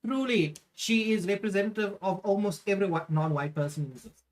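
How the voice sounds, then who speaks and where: A woman's voice: medium pitch, fast talker, a little mellow. A woman streamer reacting to clips in a profane, mocking rant, swearing heavily.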